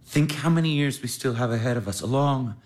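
A man's voice: mid-range voice, a little fast, darkish tone, natural voice. A man playing an earnest young baron in love. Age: young adult. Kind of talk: stage drama acting.

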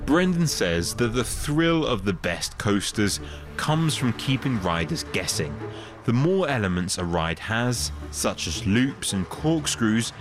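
A man giving scripted documentary narration as the presenter, with a lively, expressive delivery. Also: lowish voice.

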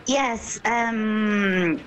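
A woman journalist, speaking in a measured, earnest way with soft hesitations. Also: medium pitch, low-quality recording. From Venezuela. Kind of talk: interview answer.

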